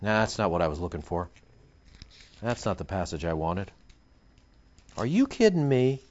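Brief: confrontational male pastor, animated pitch swings, dull lo-fi recording. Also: normal speed. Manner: emphatic, confrontational, scolding. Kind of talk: sermon.

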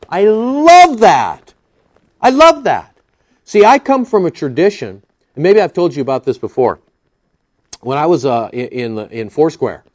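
A male pastor preaching a sermon, telling stories with rambling asides, in a dull lo-fi recording. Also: fairly high pitch. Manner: animated storytelling, rambling with asides.

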